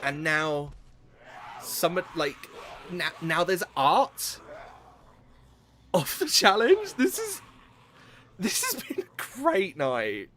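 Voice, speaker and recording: Effusive streamer with a lively voice. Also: medium pitch, extremely slow, long pauses, a little hiss or hum. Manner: effusive, exclaiming, swears freely. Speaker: game streamer. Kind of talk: live stream chat.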